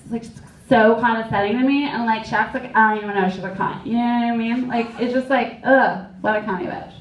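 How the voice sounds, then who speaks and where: A woman's voice: fairly high pitch, dull audio, close to an everyday voice. A woman imitating a catty, foul-mouthed young female comic who vents with lots of "like". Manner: vulgar, valley-girl venting with lots of "like". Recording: roomy, distant live club recording.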